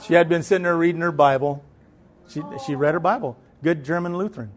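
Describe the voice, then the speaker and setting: A man telling a personal story as a guest, animated and conversational, acting out the voices in it. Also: fairly high pitch, fast talker. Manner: conversational, with repeated fillers and restarts.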